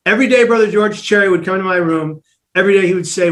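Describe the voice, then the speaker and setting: A man with a high voice tells his own story as a guest on a talk show. He speaks in an animated way, slips into the voices of the people he describes, and restarts his sentences as he goes. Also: racing. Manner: animated, acts out quoted voices, restarts often. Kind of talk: personal storytelling in an interview.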